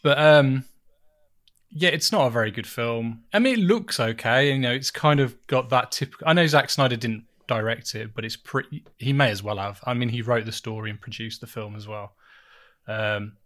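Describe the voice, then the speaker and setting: A man's voice: medium pitch, normal speed, a bit bright. A man chatting casually about films as a podcast host. He rambles and mocks himself, laughing between thoughts. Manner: rambling, self-mocking, laughs often. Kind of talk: casual chat.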